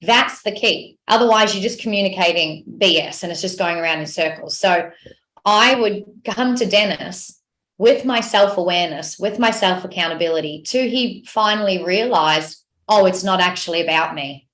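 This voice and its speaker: A woman guest coach on a podcast, telling stories in an animated, expressive way. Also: medium pitch, normal speed. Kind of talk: podcast interview. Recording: roomy echoey sound.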